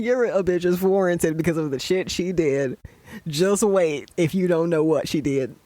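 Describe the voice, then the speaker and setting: A young adult podcast host talks through a show in a loose, swearing rant, worked up and exasperated. The voice sits at an ordinary middle pitch, recorded close and dry with no room sound. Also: normal speed, mellow, dry recording. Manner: ranting, profane and exasperated. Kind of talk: casual show commentary.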